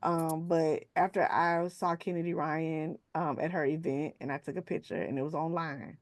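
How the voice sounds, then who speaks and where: A woman author as a podcast guest, telling casual, animated stories in a colloquial way. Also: low voice, normal speed, dry recording. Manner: animated, colloquial, acts out voices of others. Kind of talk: casual storytelling interview.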